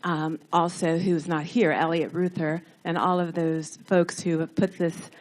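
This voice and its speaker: Lower-voiced woman, formal foundation thanks, outdoor ceremony. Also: little pitch movement, measured pace, slight background noise, rough recording. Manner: formal thank-you remarks.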